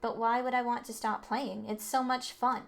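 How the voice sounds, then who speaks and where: A woman's voice: a little high, little pitch movement, normal speed, vocal fry. A woman reading an arrogant, cold rich teenage heir, speaking haughtily and condescendingly. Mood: haughty. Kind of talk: reading game dialogue aloud.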